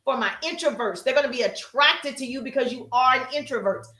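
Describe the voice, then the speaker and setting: Teaching social media business strategy on a live stream, this woman sounds energetic and emphatic, calling out to people in the chat. Her voice is high-pitched and brisk, and the room is echoey.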